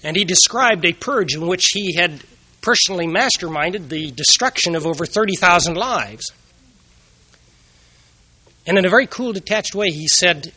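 A man's voice: sits high, expressive, moderate pace, pushed and bright, husky, no echo. A man giving an earnest moral talk, telling personal anecdotes and asking rhetorical questions.

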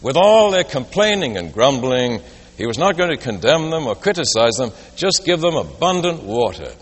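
A man's voice: medium pitch, sing-song, moderate pace, breathy edge. A man preaching a sermon, telling a story and posing rhetorical questions. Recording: long reverb of a large hall.

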